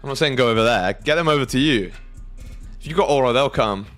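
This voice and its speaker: A man's voice: mid-range voice, lively intonation, fast, fairly bright tone, faint music behind. A young man hosting a trading livestream, talking loosely and crudely while reading out viewers' messages. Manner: loose, crude, reads chat aloud. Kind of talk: casual livestream chat.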